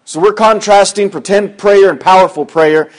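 At a moderate pace, a man delivers a sermon as a pastor, his voice rising to loud, high, emphatic lines before falling into soft, low asides.

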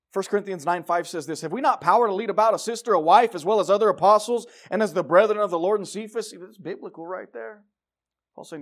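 A middle-aged man preaching a sermon in a church, emphatic and exhorting, with lively stories and asides. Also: high-pitched. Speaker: pastor. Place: church sanctuary.

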